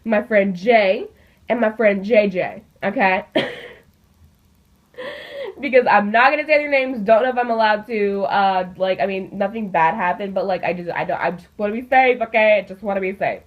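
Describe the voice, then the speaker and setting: A woman's voice: medium pitch, normal speed. Chatty teen girl vlogger, lo-fi. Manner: chatty, filler-heavy, animated. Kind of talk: casual storytime. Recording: dull lo-fi recording.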